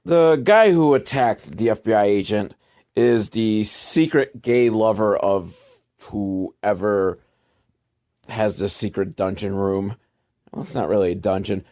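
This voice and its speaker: Slow, rambling sardonic man. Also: on the low side, warm tone. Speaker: movie reviewer. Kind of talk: casual movie recap commentary.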